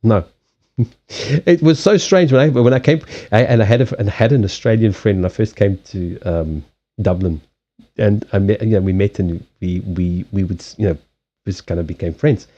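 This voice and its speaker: A man's voice: on the low side, moderate pace, dark tone, muffled recording. A man hosting a card-reading live stream, telling anecdotes in a chatty way and laughing often. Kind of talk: casual live-stream chat.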